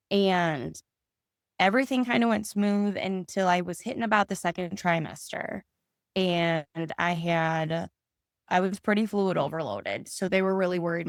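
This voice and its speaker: A woman's voice: fairly low pitch, vocal fry, no room sound, studio quality. A woman, a podcast guest, earnestly telling her personal story in conversation and acting out remembered dialogue.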